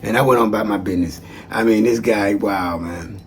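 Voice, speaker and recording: A man giving friendly shout-outs in a chatty, folksy monologue that wanders off on tangents. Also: fairly low pitch, fairly quick, slight background noise. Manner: chatty, folksy, digressive, calls listeners "man". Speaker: former social worker. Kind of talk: casual rambling monologue.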